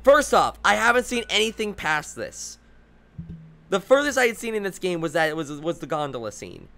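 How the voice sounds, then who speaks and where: A young male streamer rambles excitedly about a game, his voice bright and fairly high. His pitch swings widely as he talks. Faint game music plays underneath. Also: moderate pace. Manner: excited, rambling, laughs a lot. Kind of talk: gaming commentary.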